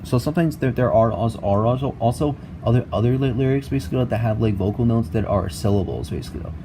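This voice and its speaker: A young man explaining a music game tutorial in a halting way, repeating words and filling with "basically" and "like", recorded on a laptop mic at home. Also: medium pitch, background noise. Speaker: tutorial maker. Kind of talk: casual screen-recorded tutorial.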